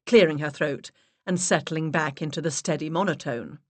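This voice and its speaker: A woman narrating a mystery audiobook in the first person, expressive storytelling. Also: low-pitched, moderate pace, dry recording. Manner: expressive storytelling with varied character voices.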